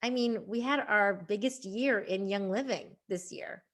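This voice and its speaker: A woman's voice: mid-range voice, measured pace. A woman hosting a casual group video call, bubbly and laughing often as she reads out what others write in the chat.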